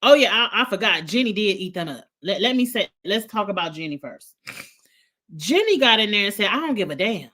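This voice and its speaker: A woman's voice: mid-range voice, very animated, a little fast, pushed and bright. Blunt, gossipy woman hosting a chat show. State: coughing, allergies. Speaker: host. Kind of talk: casual live-chat show recap.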